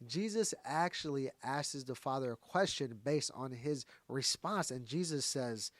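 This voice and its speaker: A man's voice: medium pitch, lively intonation, measured pace, no echo. A man teaching from the Bible in a casual sermon style, talking straight to his viewers. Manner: conversational, talks straight to viewers.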